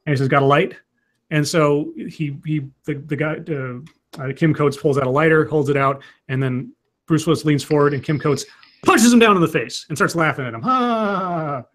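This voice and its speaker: Rambling, animated man retelling a movie. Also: on the high side, normal speed. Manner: rambling, animated retelling with acted-out quotes and frequent restarts. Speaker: podcast co-host recapping a movie. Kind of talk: casual chat.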